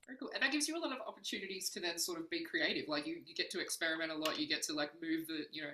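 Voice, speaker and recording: A woman's voice: sits low, rapid-fire, sharp tone, rough recording. A woman hosting a podcast, asking questions in casual chat and answering in an upbeat, encouraging way. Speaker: podcast host.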